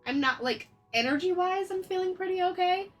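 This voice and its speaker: A woman's voice: very high-pitched, fairly quick, poor audio. A woman live-streaming as an artist, chatting casually and greeting viewers over and over, her nose stuffy from a cold. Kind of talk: casual livestream chat. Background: faint background music.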